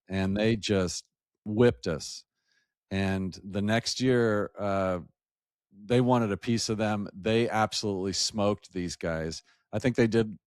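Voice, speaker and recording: A man, a podcast guest who hosts his own show, telling football stories in a lively, joking way over a video call. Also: lowish voice, dry recording, clean studio sound. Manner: lively, animated storyteller, jokey. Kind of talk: casual sports chat.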